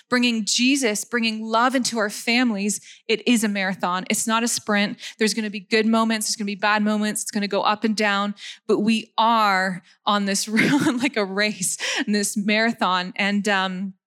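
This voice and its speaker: A woman in her thirties from Canada preaching a casual sermon, chatty, laughing at herself, and repeating key words for emphasis. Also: a little high. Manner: warm chatty delivery with frequent fillers and self-deprecating laughs.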